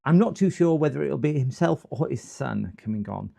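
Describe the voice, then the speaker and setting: A man's voice: medium pitch, expressive, normal speed, creaky, dark tone. A man hosting a repair livestream, chatting casually and rambling with lots of fillers. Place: home workshop.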